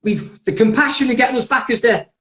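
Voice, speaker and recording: A man's voice: very high voice, fast, a bit bright. A man hosting a live podcast, blunt, sweary and rambling. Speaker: podcast host. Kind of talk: heated live-stream chat. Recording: roomy echoey live stream.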